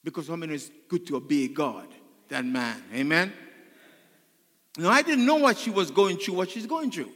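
A man's voice: on the high side, animated, normal speed, a bit bright. A male pastor preaching a sermon in a church, repeating phrases and asking the congregation for an "Amen". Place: church sanctuary. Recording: long reverb in a large hall.

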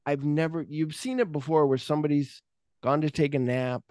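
A man hosting a movie podcast, talking casually and jumping into quick impressions of characters as he retells the plot. His voice rises and falls a lot, and the sound is close and dry, with no room echo. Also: a little high. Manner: animated retelling, acts out characters' lines; profane, uses fillers like "like". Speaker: podcast host.

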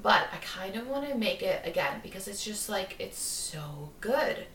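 A woman's voice: medium pitch, very animated, moderate pace, a bit bright, distant mic, slight background noise. A woman with an Upper Midwest American accent hosting a podcast in a giggly, rambling casual chat full of "like". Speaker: podcast host. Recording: roomy, a little off-mic.

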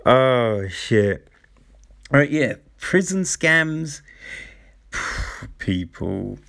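A man's voice: lowish voice, gravelly, a bit bright. A man ranting casually to camera, swearing freely as he tells exasperated stories.

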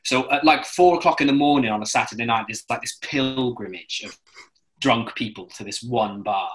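A British man from London chats as a guest, spinning rambling stories full of tangents and restarts. His voice is bright and forward, and his pitch sits right in the middle for a man. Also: moderate pace, rough recording. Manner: lively storyteller who acts out other people's voices in his anecdotes. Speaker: guest, musical theatre actor. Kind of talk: casual chat, anecdote telling.

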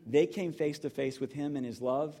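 A middle-aged male pastor delivers a sermon in a casual, heartfelt way. He retells the story with emotion, restarting his sentences often. His voice sits a little higher than most men's. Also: moderate pace, warm tone.

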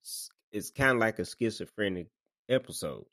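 Man, podcast co-host, casual movie talk, lively pitch, close dry sound. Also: dry recording. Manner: unhurried, breaks into loud laughter. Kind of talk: casual movie recap chat.

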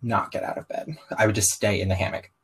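A young man from the American South with a slight Southern accent, speaking as an interview guest and telling his story openly, with animated quoted asides. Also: fairly low pitch, quick pace, slightly rough. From Southern US, raised partly in Baltimore. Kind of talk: candid conversational interview.

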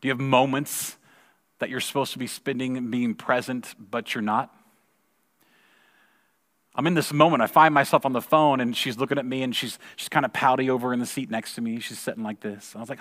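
A man's voice: mid-range voice, fast talker. Man preaching in a reverberant hall. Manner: conversational storytelling, repeats words when excited. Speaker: pastor. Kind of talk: sermon with personal story. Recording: long reverb of a large hall.

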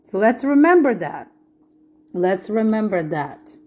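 A woman's voice: mid-range voice, very animated, a little slow, a little mellow. A woman giving a podcast Bible teaching in an earnest way, repeating her points and asking rhetorical questions.

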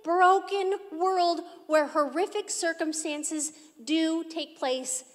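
High-voiced woman pastor preaching. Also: slow pace. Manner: emphatic, earnest preaching. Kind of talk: sermon. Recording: echoey hall.

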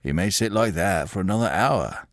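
Brief: a man as a respectful household butler, quiet and dutiful, dry close sound. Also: lively intonation, moderate pace, dry recording, lightly acted. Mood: confiding. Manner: low-voiced and deferential, raising his voice to rouse his master. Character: patient male household butler.

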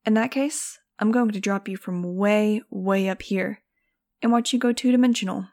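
A woman's voice: medium pitch, normal speed, darkish tone, lightly acted. A woman reading an audiobook, voicing a sarcastic teenage girl with a mocking, wisecracking manner in a raised voice.

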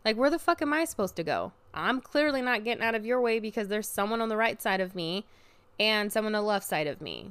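A young woman ranting casually as a podcast host, swearing freely and bursting into loud outbursts. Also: medium pitch, smooth. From Oregon, US. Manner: animated, profane venting with sudden loud outbursts.

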